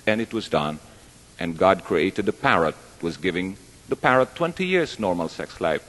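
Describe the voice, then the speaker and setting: A man's voice: sits low, sing-song, moderate pace, fairly bright tone. A man telling jokes on stage at a live show, chatty and rambling, poking fun at himself. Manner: chatty, rambling, self-deprecating. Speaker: stage performer. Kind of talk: live stand-up joke telling. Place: large hall with live audience. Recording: long hall reverb.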